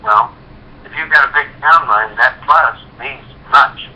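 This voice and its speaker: A man's voice: mid-range voice, measured pace, sharp tone. A man leading a sales team, giving a folksy motivational talk with homespun stories. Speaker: network marketing leader. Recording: dull lo-fi recording with faint hiss.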